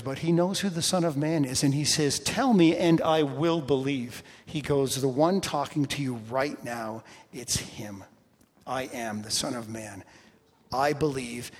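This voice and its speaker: A man preaching a sermon to a congregation in a church, swinging from loud emphasis to hushed, quiet phrases. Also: mid-range voice, slightly rough. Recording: long hall reverb.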